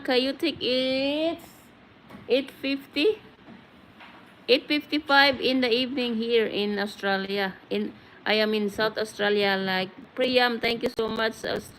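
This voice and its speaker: A woman's voice: on the high side, fairly bright tone, a little hiss or hum, rough recording. A woman from the Philippines hosting a casual live-stream chat, greeting viewers by name in a chatty, friendly way. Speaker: livestream host. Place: home in Australia.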